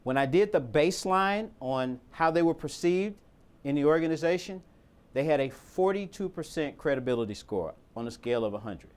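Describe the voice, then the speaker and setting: A man's voice: a little high, animated, moderate pace, a little mellow, clear, resonant tone. A man giving an emphatic training talk to volunteers, firing off rhetorical questions and repeating his key points.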